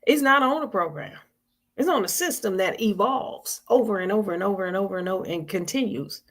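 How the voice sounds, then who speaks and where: A woman's voice: mid-range voice, a little fast. A woman hosting a weekly spiritual vigil on a live stream, talking informally and earnestly, repeating phrases and coaxing listeners to answer. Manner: colloquial and earnest.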